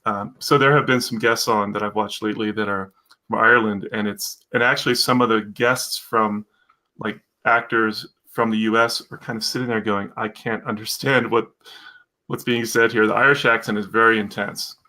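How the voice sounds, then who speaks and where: An American man co-hosts a casual live stream, rambling through his thoughts and picking up viewer comments. His voice sits a little low but comes across bright and forward. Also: steady tone, normal speed. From United States.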